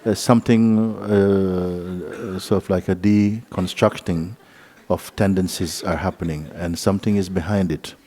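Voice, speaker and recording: A man giving a relaxed spiritual talk at a retreat, gentle and playful, often laughing as he tells a story. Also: low voice, measured pace, hardly any pauses. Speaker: spiritual teacher. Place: retreat hall.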